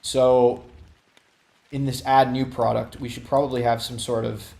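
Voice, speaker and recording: Male coding streamer, casual rambling think-aloud, gravelly voice, echoey home room. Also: medium pitch, level tone, measured pace, darkish tone. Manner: rambling, thinks aloud with many fillers and restarts. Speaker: livestreamer coding web app.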